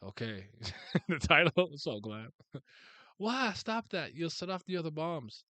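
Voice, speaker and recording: A man's voice: fairly high pitch, measured pace, no room sound. Laid-back man riffing on manga. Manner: animated, slangy, laughs often, thinks aloud. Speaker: manga reaction streamer. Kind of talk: casual live reaction while reading manga.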